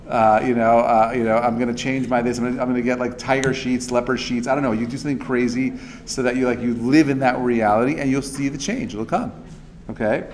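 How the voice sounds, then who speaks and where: A man teaches a relaxed class in a voice of middle pitch. He chats with many fillers and restarts and acts out little quotes. A faint hiss of noise sits under his voice. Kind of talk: casual interactive class talk.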